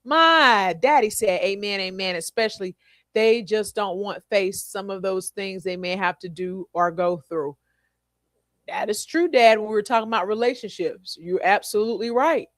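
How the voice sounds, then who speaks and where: A woman's voice: mid-range voice, normal speed, no echo, studio quality. A woman hosting a podcast in a live, casual chat, reading out listener comments and speaking to people by name. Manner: animated, chatty, repeats herself, talks to listeners by name. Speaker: podcast host.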